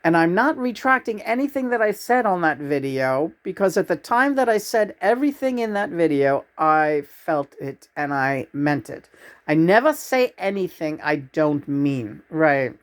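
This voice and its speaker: A middle-aged man co-hosting a YouTube channel, chatting casually with lots of halting restarts. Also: fairly high pitch, lively intonation. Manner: slow, halting, full of restarts. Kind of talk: casual chat to camera.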